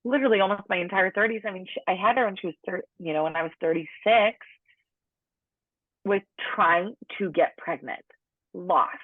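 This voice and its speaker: A woman's voice: mid-range voice, moderate pace, no room sound. A woman in her late thirties telling her own story as a podcast guest, chatty, with lots of "like", acting out the people she quotes. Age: late 30s. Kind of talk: personal storytelling in conversation. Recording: tinny phone-line sound, dry.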